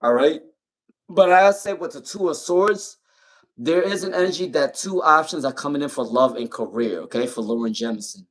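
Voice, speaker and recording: A man's voice: on the high side, normal speed. A young man hosting a live-stream tarot reading, talking casually with viewers, often repeating himself and breaking into laughter.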